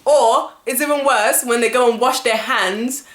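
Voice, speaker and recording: Speaking directly to the camera in a casual ranting vlog, a woman with a fairly high voice vents in animated exasperation, using lots of fillers. Her pace is a little slow, and the room she's in sounds echoey.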